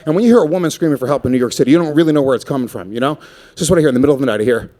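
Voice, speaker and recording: A man's voice: fairly high pitch, animated, very fast, mellow. Brash profane stand-up comic man. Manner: brash, profane, crowd-work. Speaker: stand-up comedian. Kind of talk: stand-up comedy set. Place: comedy stage before a live audience. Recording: live crowd laughter.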